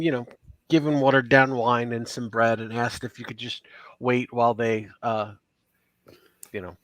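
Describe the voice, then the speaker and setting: A man narrating as game master of a tabletop role-playing game, relaxed, with many fillers. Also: medium pitch, no echo.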